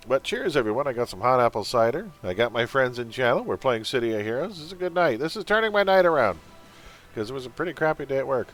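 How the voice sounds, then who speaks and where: A man streaming a superhero game, chatting casually and bluntly with his viewers and teammates while he plays. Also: mid-range voice. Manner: chatty, blunt, venting with laughs. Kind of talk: casual gaming livestream chat.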